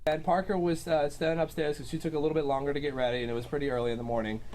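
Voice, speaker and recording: A young man speaks quickly in a slightly mellow, higher-pitched voice with a steady tone. He tells his side of a clash in a casual, rambling story, hesitating often and filling it with ums and likes.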